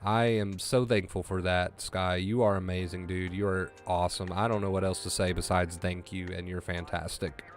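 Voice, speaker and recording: A man's voice: low voice, level tone, moderate pace, few pauses, soft background music. A man streaming live, chatting casually and thanking viewers with effusive emotion, his voice breaking at times. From US East Coast.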